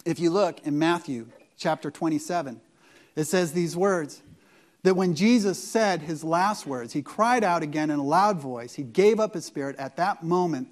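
High-voiced guy preaching a sermon, lots of rhetorical questions, goes loud then quiet. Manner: animated preaching, rhetorical questions, sudden swings in loudness. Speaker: pastor.

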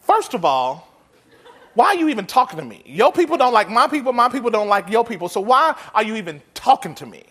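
A man voicing a sassy, skeptical woman at a well, mocking and loud. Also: very high voice, sing-song, brisk, heavily acted.

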